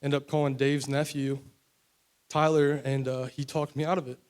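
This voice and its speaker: At a normal speed, a young man from West Virginia tells his personal recovery testimony, rambling candidly with lots of fillers. His voice sits at medium pitch, slightly mellow, with a flat delivery.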